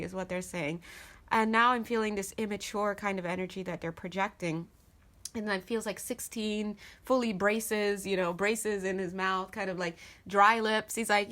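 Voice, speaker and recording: A woman with a voice of average pitch reads tarot cards to camera. She speaks earnestly, as though passing on messages from spirit, and keeps restarting her sentences as she goes. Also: moderate pace, fairly bright tone. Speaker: tarot reader. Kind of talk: intuitive tarot reading to camera.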